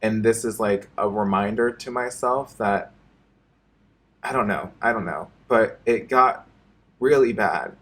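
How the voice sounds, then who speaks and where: A man vlogging an emotional personal confession to his viewers, halting and repeating himself and swearing often. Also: on the low side, a bit bright.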